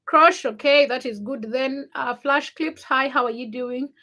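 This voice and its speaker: A woman's voice: sits high, measured pace, bright, forceful tone. A young woman from Uganda hosting a casual livestream, reading viewer comments by name and teasing them. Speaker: livestream host.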